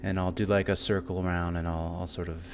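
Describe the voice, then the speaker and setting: A man playing a tabletop role-playing game, describing his character's actions and speaking in character in a hesitant, halting way. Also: low-pitched, level tone. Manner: hesitant, halting, with many fillers. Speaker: player.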